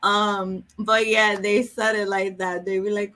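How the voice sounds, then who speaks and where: A woman's voice: fairly high pitch, level tone, moderate pace, bright, forceful tone. A woman hosting a book vlog, chatting casually and jokingly with viewers during a livestream. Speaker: book vlogger host. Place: home in a city.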